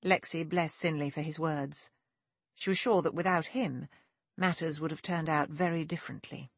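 A woman narrating a period novel in a measured, even storytelling manner, recorded on a close mic. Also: low voice, breathy edge, no room sound. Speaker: audiobook narrator. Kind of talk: scripted narration.

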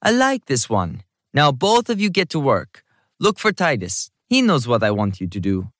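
A man reading an audiobook, voicing a brisk, high-energy woman in her fifties with a slight Jamaican lilt who bosses everyone around. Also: wildly swooping pitch, fairly bright tone, no echo, clean studio sound. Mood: brisk, bossy. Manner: bossy, hurried.

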